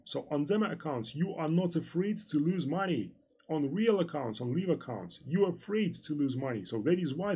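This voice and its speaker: A man with a Russian accent leads a live online trading lesson in a slightly high, gravelly voice with a husky edge. He talks in halting, looping sentences full of fillers. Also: darkish tone. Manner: halting, repetitive, many fillers. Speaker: trading instructor. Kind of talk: live-stream lesson answering chat questions.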